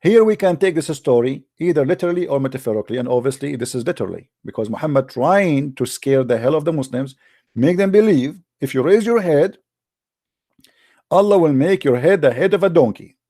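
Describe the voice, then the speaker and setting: A man's voice: on the high side, animated, a little fast, dark tone. A man hosting a heated call-in debate, arguing hard and repeating his questions over and over. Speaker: debate host.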